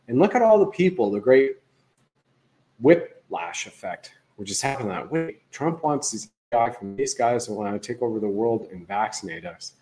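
Male livestream host, casual and rambling, average pitch, talks his way through his commentary. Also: expressive, moderate pace, mellow, low-quality recording. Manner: rambling, conversational, restarts often.

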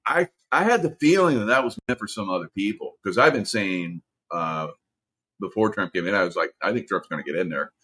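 A man's voice: low voice, animated, brisk, a bit bright, breathy edge. A man in his sixties, a former Navy SEAL, telling stories in a rambling, casual way, with many "uh" fillers and restarts. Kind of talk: casual storytelling monologue.

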